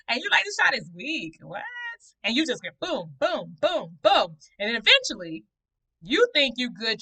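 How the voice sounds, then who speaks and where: Woman vlogger, high and bright voice, animated, conversational, a little preachy. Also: low-quality recording. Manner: animated, conversational, preachy storytelling with playful asides. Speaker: vlogger reviewing a book. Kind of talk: casual personal vlog talk.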